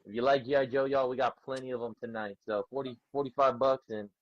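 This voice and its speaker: A man's voice: mid-range voice, steady tone, fast talker, dry recording, highs cut off. A man selling comic books on a live stream, talking in a laid-back, casual way. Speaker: comic seller. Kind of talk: live sales pitch.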